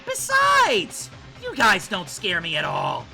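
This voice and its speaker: A man's voice: very high-pitched, pitched above the performer's own voice, full character voice. A man voicing a spiteful, gleeful male bear from a video game, reading the lines aloud in a taunting, cackling manner.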